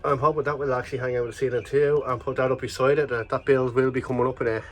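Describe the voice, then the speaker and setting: A man's voice: mid-range voice, flat delivery, racing, faint music behind. A man vlogging a toy review in a casual, enthusiastic, rambling chat full of fillers.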